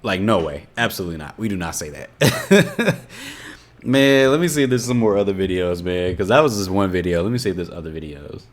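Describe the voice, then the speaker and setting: A young man from Indiana with a low voice and a matching local accent talks casually through a reaction video. He is laid-back and laughs often, and he sounds exasperated at what he hears. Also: big pitch swings, fairly quick, hardly any pauses. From Indiana, USA. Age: 20s.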